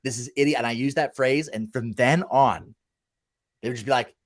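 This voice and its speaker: A man in his thirties, a former college football walk-on, hosts a casual podcast where he talks bluntly, swears a lot, and acts out voices from his past. His voice is mid-range and his pace normal.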